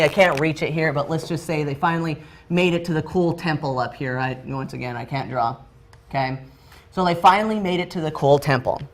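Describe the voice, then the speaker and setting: A man leading a training session, telling a story freestyle while drawing, loose and chatty with many fillers and restarts. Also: on the high side.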